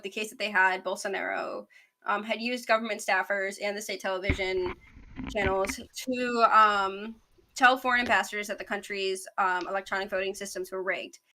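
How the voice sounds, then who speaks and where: Young woman host, quick rambling news chat, bright tone. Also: medium pitch. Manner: fast, rambling, self-aware talker. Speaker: podcast host.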